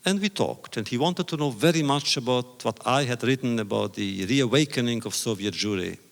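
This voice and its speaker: Older male lecturer, gravelly, deliberate storyteller, echoing hall. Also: medium pitch. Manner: measured, deliberate phrasing with pauses. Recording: reverberant hall recording. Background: audience laughter.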